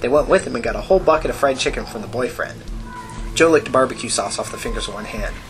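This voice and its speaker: A man's voice: mid-range voice, quick pace, over music, poor audio. Man narrating a gritty novel. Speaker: audiobook narrator. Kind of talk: scripted narration.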